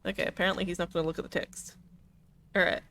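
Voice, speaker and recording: A woman's voice: on the low side, level tone, fast, fairly bright tone, slight background noise. A woman streaming a game, giving casual, giggly commentary. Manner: giggly, chatty.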